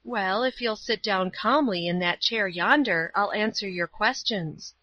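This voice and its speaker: A woman voicing a gentle, pious old woman who speaks calmly and tenderly in a storybook reading. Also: medium pitch, measured pace, dry recording, lo-fi sound.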